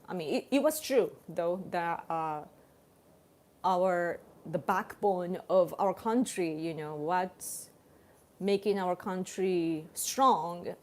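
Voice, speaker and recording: A woman's voice: on the low side, a little mellow. A Japanese woman with a Japanese accent, hosting a casual livestream chat, full of fillers and restarts and laughing often. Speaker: livestream host.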